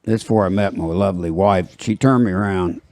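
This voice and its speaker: A man's voice: sits low, a little fast, darkish tone, dry recording. An older man hosting a casual group chat, joking and laughing often. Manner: jokey, laughs often, slips into put-on voices. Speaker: podcast host.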